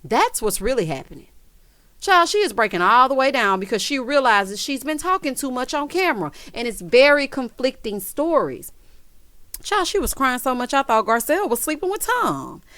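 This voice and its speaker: A woman with a somewhat high voice runs through a reality TV episode in a sassy, gossipy way. She calls her viewers "honey" and "child" and teases every twist. The sound is close and dry. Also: big pitch swings, moderate pace, bright, forceful tone, dry recording. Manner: dramatic, teasing emphasis. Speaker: reality TV recap vlogger. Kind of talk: gossipy episode recap commentary.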